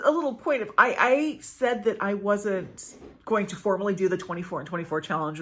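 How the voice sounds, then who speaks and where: A woman's voice: mid-range voice, fairly bright tone. A middle-aged woman hosting a casual book vlog, chatting in a rambling way with many fillers and self-corrections. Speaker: book channel host. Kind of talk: casual reading update vlog.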